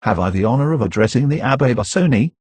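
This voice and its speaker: A man's voice: medium pitch, expressive, quick pace, a little mellow, breathy edge, no echo. A man voicing a polite, hesitant male envoy of the police in an audiobook, speaking formally.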